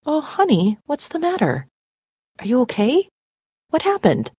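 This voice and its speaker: A woman voicing a caring mother who is worried about her son, speaking gently and anxiously. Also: high voice, huge pitch swings, unhurried, breathy edge, dry recording, clean studio sound, pitched above the performer's own voice, heavily acted. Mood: concerned.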